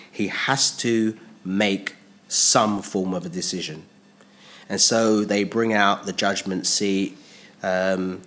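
A man teaching an expository sermon on a Bible passage. He voices the speakers in the text and rises and drops sharply in pitch and volume. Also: a bit bright. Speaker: preacher.

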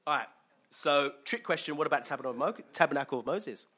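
A man's voice: fairly high pitch, lively intonation, fast, sharp tone, slightly rough. A man preaching a chatty sermon, quizzing the congregation and chuckling often. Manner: chatty, asks the crowd questions, chuckles often. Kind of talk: conversational sermon with questions to the congregation.

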